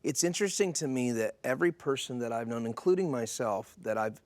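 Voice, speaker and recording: A man's voice: medium pitch, lively intonation, a little fast, no echo. A man hosting a faith talk show, responsive and affirming as he listens to his guest. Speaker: TV show host. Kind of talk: interview chat. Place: TV studio.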